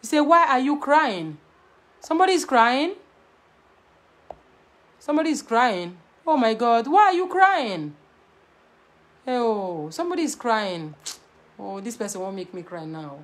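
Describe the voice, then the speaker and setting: A woman with a Nigerian Pidgin English accent, talking straight to camera in a blunt, animated way and mixing Pidgin with English. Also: a little high, a little slow, pauses often. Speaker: vlogger giving marriage advice. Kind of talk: casual to-camera talk.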